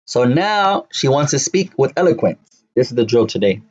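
Slow, drilling male Arabic teacher. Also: medium pitch, very animated, muffled recording. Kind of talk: classroom lesson.

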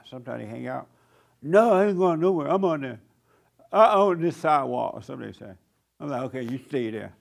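A man's voice: medium pitch, gravelly. A man preaching a blunt sermon as pastor, mimicking whiny voices to mock them.

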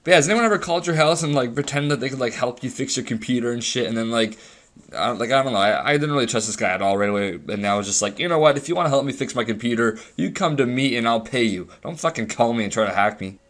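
A man's voice: medium pitch, lively intonation, fast talker, fairly bright tone. A young man rambling through a profane, sarcastic story while commentating on his game. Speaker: gamer commentating over gameplay. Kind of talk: casual storytelling rant.

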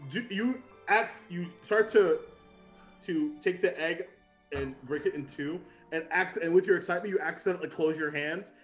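A man narrating a tabletop game as dungeon master, loose and full of fillers. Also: on the high side.

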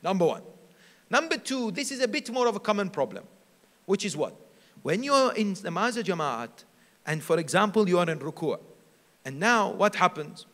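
A man delivering a sermon in a large hall, his high, bright voice carrying a long echo. He asks rhetorical questions and then answers them, building up to loud, emphatic points. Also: sing-song, moderate pace. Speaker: sheikh giving a majlis lecture.

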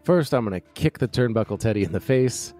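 A man's voice: medium pitch, lively intonation, brisk, mellow, faint music behind. A man playing a tabletop game, joking and playful. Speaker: player.

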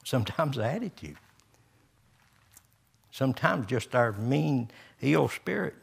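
A man's voice: mid-range voice, animated, unhurried, vocal fry, slightly rough. An older man, a pastor preaching a folksy sermon with homespun stories, chuckles and rising emphasis.

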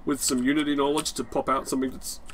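A man's voice: mid-range voice, flat delivery, quick pace, a bit bright, slight background noise. A young adult man giving rambling, sweary let's-play commentary, laughing often. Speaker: game streamer.

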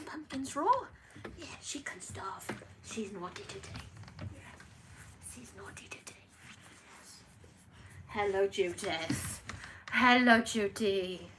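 A British woman filming a casual vlog at home, talking to her dogs in soothing baby talk that often drops to a hush. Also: medium pitch, a little hiss or hum. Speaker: dog breeder filming her dog's labour. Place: at home indoors.

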